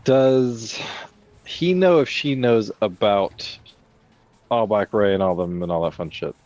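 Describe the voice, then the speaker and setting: A man's voice: lowish voice, a little slow, darkish tone, dull audio, soft background music. A man playing in a tabletop game who laughs often and speaks in character at times. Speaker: player.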